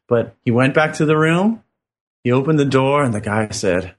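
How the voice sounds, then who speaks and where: A man's voice: mid-range voice, brisk. A man co-hosting a spiritual talk show, telling a long story with lots of affirming yeses. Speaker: co-host.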